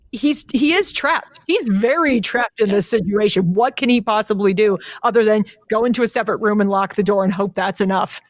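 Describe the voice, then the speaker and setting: A woman guest on a podcast, making her points about a film in an emphatic, persuasive way. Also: medium pitch. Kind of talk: casual film discussion.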